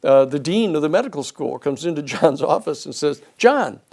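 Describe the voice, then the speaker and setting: A man giving a storytelling lecture, an animated speaker who acts out the people he quotes. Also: on the high side, a little fast, creaky.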